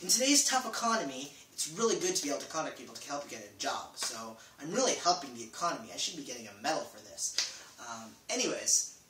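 A man's voice: medium pitch, very animated, fast talker, pushed and bright, far from the mic. A man giving a casual how-to vlog, rambling with lots of fillers and small jokes. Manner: rambling, filler-heavy, jokey. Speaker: vlogger. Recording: echoey room, voice from off-mic, faint noise.

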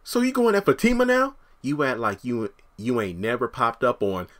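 A man's voice: wildly swooping pitch, moderate pace. A man putting on the voice of an emotional, confrontational woman while recapping a TV scene. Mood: angry. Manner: high-pitched loud impression of a woman.

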